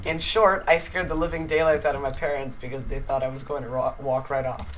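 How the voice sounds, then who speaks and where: A woman's voice: a bass voice, level tone, brisk, slight background noise, rough recording. A woman on a casual podcast, playfully reading out stories and adding dry jokes. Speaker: podcast guest reading the game prompts.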